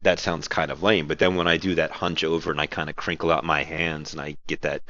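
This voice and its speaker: A man's voice: extremely low pitch, level tone, fairly quick, bright, forceful tone, dry recording, dull audio. A man talking casually about running tabletop games, rambling and correcting himself as he explains, recorded at home. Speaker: game master giving advice. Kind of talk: casual spoken advice talk. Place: at home, girlfriend nearby watching TV. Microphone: audio-only recording, no camera.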